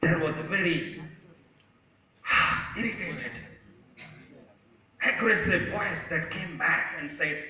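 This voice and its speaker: A man's voice: on the high side, measured pace, long pauses, pushed and bright. A man giving a motivational speech to an audience in a large hall, emphatic and repetitive, telling stories. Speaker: motivational speaker. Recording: echoey hall from far off, lo-fi.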